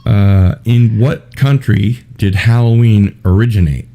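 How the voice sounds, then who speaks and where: A man's voice: fairly low pitch, steady tone, measured pace, mellow. A man hosting an online trivia game, chatty and joking, laughing often as he reads out the rules and questions. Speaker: host of a trivia game show.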